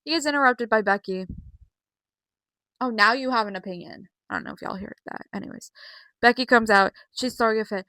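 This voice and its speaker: A woman's voice: on the high side, sing-song, moderate pace, pauses often, sharp tone, dry recording, poor audio. Chatty young woman recapping wrestling. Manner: chatty, giggly, acts out quotes. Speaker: vlogger. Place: home.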